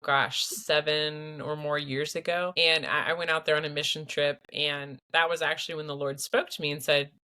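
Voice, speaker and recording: A woman's voice: low voice, flat delivery, moderate pace, few pauses, pushed and bright. A woman hosting a podcast interview, talking in an enthusiastic, chatty way. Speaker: podcast host. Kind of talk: casual interview.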